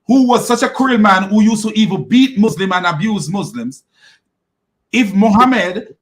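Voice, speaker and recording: A man with a high voice argues hard in a heated religious debate. He presses the same question again and again and talks right over the other man. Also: a bit bright. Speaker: channel host debating a caller.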